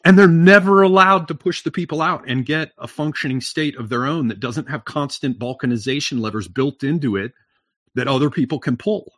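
A man's voice: a little high, a little fast, fairly bright tone, no echo, studio quality. A man talking at length as a podcast guest, rambling with lots of fillers and restarts and casual swearing. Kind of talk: long-winded conversational monologue.

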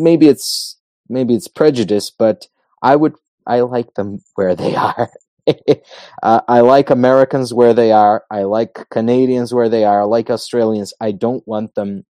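Man, dark and dry. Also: lowish voice, no room sound. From Macedonia. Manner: emphatic, repeats points in lists. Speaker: guest. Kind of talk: casual podcast conversation.

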